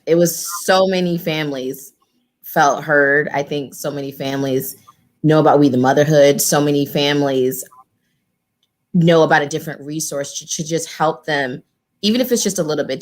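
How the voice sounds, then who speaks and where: A woman with a lowish voice gives heartfelt panel remarks. She is earnest and emphatic, and she stacks repeated phrases for weight. She speaks to the group casually and directly. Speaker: community organizer and former political candidate.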